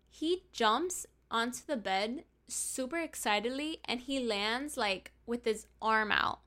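A woman's voice: a little high, bright, forceful tone. A young woman casually telling a story to her viewers, swearing freely and acting out what each person said. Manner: profane, chatty, acts out quoted lines. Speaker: storyteller vlogger.

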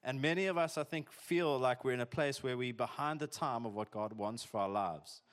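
A man's voice: mid-range voice, normal speed, clean tone. A man preaching a sermon in a conversational, jokey way, peppered with "like" and "eh". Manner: conversational, chatty, uses "eh" and "like", jokey asides. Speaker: pastor.

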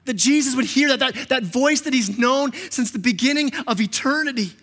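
Pastor guy preaching, high voice, stumbles over repeats, big church reverb. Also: a little fast. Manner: impassioned, repeats words, acts out quotes softly. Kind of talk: sermon. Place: church sanctuary. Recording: long reverb of a church hall.

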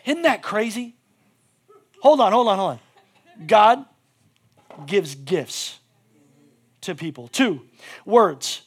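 A man preaching a sermon as pastor, animated and casual, swinging between loud bursts and hushed asides. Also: high-pitched, takes it slowly, long pauses, breathy edge. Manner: casual, with many "like" fillers.

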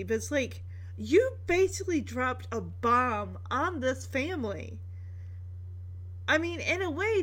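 A woman casually recapping a story scene by scene, chatty and quick to laugh, often breaking into the characters' lines. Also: on the high side. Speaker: show recap host.

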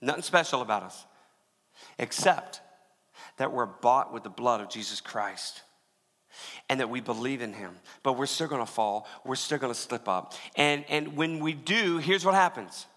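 Bright-voiced preacher in a reverberant hall. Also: male voice, mid-range voice, lively intonation, moderate pace. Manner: conversational preaching with many restarts, drops to a hush. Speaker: pastor. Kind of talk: sermon.

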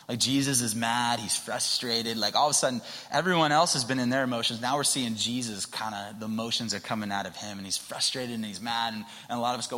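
A male pastor delivers a sermon in a bright, forceful voice. He swings from quiet, whispered tenderness to passionate emphasis. His words carry a long reverb from a large church hall. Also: medium pitch, fairly quick. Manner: earnest, builds to emphatic passion, drops to soft whispers.

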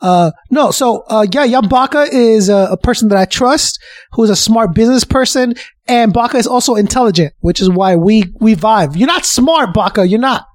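A man hosting a casual podcast chat, animated and argumentative, often repeating his words. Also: high-pitched, moderate pace. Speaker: podcast host.

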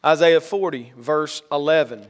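A pastor with a notably high voice preaches a sermon from the pulpit, reading scripture slowly before building to emphatic, rising lines. His voice rings out in the long reverb of a church sanctuary.

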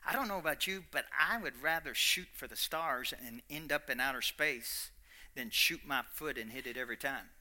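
A man preaching a sermon with a Kentucky accent, folksy and animated, swinging between quiet asides and loud emphatic bursts. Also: mid-range voice, moderate pace.

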